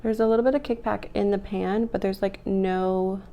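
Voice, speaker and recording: A young woman chatting casually while doing her makeup, rambling with lots of fillers, her voice rough from the morning. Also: mid-range voice, steady tone, moderate pace, muffled recording. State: morning voice, clearing throat. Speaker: beauty vlogger. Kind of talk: casual get-ready-with-me chat.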